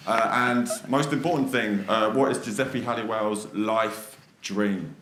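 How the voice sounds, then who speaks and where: A man's voice: fairly low pitch, roomy sound, background noise. A man performing an improvised freestyle rap story before a live audience, taking suggestions and rhyming in a rhythmic flow. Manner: rhythmic, rhyming delivery with quick laughs. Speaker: freestyle rapper.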